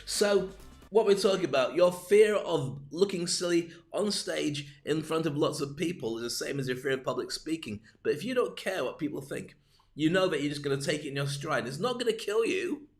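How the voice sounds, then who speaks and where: A man's voice: on the high side, moderate pace, faint music behind. An older man coaching on speaking, playful and jokey, acting out little scenes with many asides. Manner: animated, acts out little scenes. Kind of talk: livestream talk.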